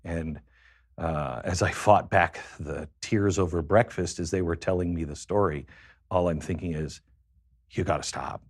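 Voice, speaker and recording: Low-voiced man telling a personal story. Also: fairly even intonation, no room sound, clean studio sound. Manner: reflective, halting with many fillers. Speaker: guest.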